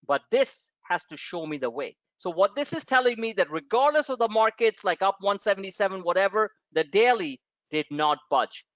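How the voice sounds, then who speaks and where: A man's voice: high-pitched, normal speed, few pauses, no echo, muffled recording. A man hosting a live stock-trading webinar, talking casually with profane asides and rambling stories. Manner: animated, profane, tangents into personal stories.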